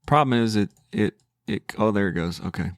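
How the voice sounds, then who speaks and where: A man's voice: lowish voice, lively intonation, moderate pace, no echo, clean studio sound. A man giving casual, hesitant commentary as a trading channel host, thinking aloud with restarts.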